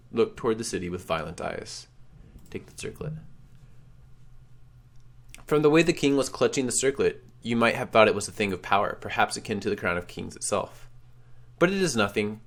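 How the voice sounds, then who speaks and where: A man reading a text adventure game aloud with drama, calling out his choices. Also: fairly low pitch. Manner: dramatic, shouts choices out loud. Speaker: game streamer.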